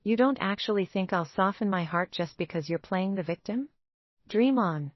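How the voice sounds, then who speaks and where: A woman's voice: medium pitch, normal speed, no echo, highs cut off, lightly acted. A woman voicing a cold, contemptuous male wolf alpha in a narrated story. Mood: scornful. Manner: icy and harsh.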